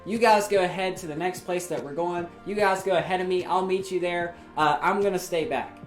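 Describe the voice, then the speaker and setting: A woman voicing a calm, reassuring adult male teacher figure in a children's Bible story. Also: on the low side, a little fast, lightly acted. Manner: gentle, reassuring. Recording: roomy with faint music.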